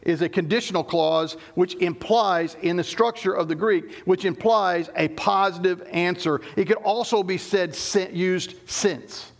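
A middle-aged man delivering a sermon in a notably high voice. His tone has a gravelly, creaky edge, and he teaches emphatically, stopping to restart phrases as he explains. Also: a little slow, few pauses. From Southern United States. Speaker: pastor.

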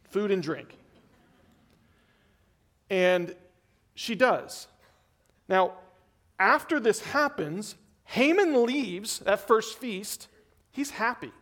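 High-voiced preacher telling a story. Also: male voice, expressive, drawn-out words, long pauses, fairly bright tone. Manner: conversational storytelling, acting out voices. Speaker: pastor. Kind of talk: sermon.

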